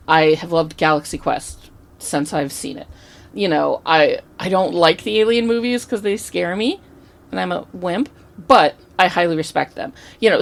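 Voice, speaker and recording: A woman co-hosting a podcast, telling a story in an animated, chatty way with casual swearing. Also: low voice, gravelly. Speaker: podcast co-host.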